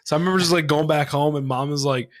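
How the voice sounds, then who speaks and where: Talking fast in a fairly high-pitched voice, a male podcast co-host spins a childhood tale full of curse words. He's an animated, profane storyteller who acts out the voices on this casual podcast.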